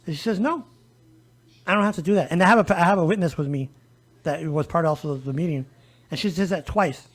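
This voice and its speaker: A disability rights advocate from El Paso, Texas, speaks in a high voice during a relaxed podcast conversation. He tells his story animatedly, acting out the dialogue of people he quotes, talking a little fast with long pauses.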